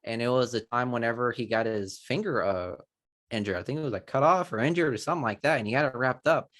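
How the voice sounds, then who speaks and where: A man's voice: medium pitch, fast, a bit bright, no room sound, studio quality. A man co-hosting a movie news podcast, chatting casually with rambling restarts and mild exclamations. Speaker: podcast co-host. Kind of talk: casual chat.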